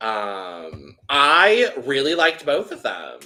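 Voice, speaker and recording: A man's voice: medium pitch, wildly swooping pitch, slow pace, sharp tone. A man co-hosting a podcast, chatting casually in a rambling way with many restarts. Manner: chatty, lots of likes and restarts. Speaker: podcast co-host. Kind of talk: casual recap chat.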